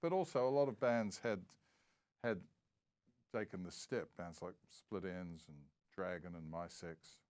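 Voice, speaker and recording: A man from New Zealand who speaks with an Australian accent and has a fairly low voice. He answers interview questions with long, meandering stories. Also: unhurried, darkish tone. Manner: rambling anecdotal storytelling. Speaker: guest. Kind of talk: casual interview.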